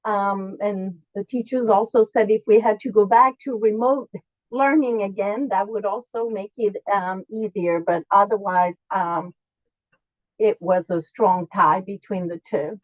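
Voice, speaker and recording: A woman's voice: medium pitch, fairly even intonation, unhurried, dry recording, dull audio. A woman representing a school, politely and steadily explaining her team's choice.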